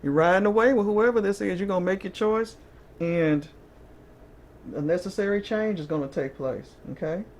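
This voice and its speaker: A woman's voice: mid-range voice, normal speed, a little mellow, slight background noise. A woman giving a casual, chatty tarot reading to camera, often checking in with her listeners and breaking into short laughs. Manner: chatty, keeps checking in with "okay?". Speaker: tarot reader.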